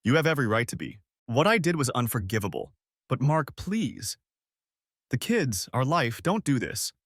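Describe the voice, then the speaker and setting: A man's voice: mid-range voice, very animated, normal speed, a bit bright, no echo, studio quality. A man voicing a wounded, tearful wife caught in an affair, pleading with a breaking voice.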